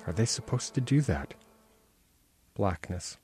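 A man, the author, reading aloud from his own novel in a measured, intense first-person narration. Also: lowish voice, sing-song, a little mellow, a little hiss or hum. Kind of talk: literary reading.

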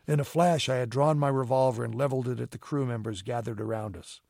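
A man narrating an audiobook with steady, even storytelling. His voice sits at a middle pitch for a man. The recording is close and dry, with no room sound. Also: quick pace, gravelly, hardly any pauses, no echo. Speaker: audiobook reader. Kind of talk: scripted narration.

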